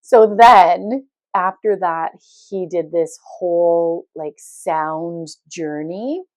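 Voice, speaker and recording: A woman hosting a podcast, telling a personal story in a casual monologue, animated and laughing often as she acts out what was said. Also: on the low side, drawn-out words, dry recording. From Canada. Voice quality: loud laugh. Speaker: podcast host.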